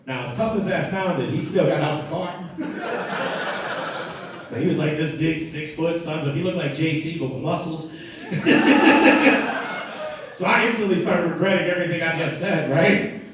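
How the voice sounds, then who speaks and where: A man's voice: a little high, normal speed, pauses often. A man doing a stand-up set, telling a story and acting out the people in it. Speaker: stand-up comedian. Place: comedy club stage. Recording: echoey club, mic at a distance, loud crowd. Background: audience laughter.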